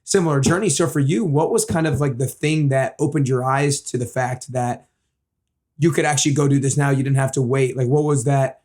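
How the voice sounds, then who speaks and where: A man's voice: mid-range voice, fairly even intonation, a little fast, a little mellow. A man hosting an interview podcast, chatting casually and agreeably with his guest. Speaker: podcast host.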